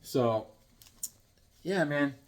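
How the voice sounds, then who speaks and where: A man's voice: on the high side, expressive, drawn-out words. A man casually showing his comic books, rambling and joking with many restarts and silly asides. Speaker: comic book vlogger. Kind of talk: casual show-and-tell chat.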